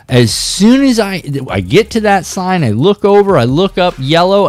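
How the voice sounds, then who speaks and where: A man hosting a fishing podcast, telling a rambling story in a casual, animated way and talking straight to his viewers. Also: sits high, moderate pace, few pauses, soft background music.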